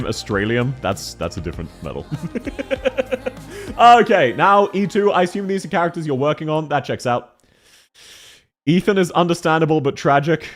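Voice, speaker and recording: A man chatting on a live stream, excitable and quick, his pitch leaping around as he reacts. His voice sits at a middling pitch. Faint background music plays underneath. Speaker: streamer reviewing viewers' game accounts. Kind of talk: casual live-stream chat.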